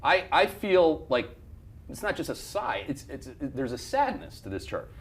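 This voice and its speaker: The host of this market commentary show, an investment firm CEO, has a voice on the high side and is very animated while keeping a measured pace. He tears through charts in a blunt, heated rant, full of profanity and restarted sentences.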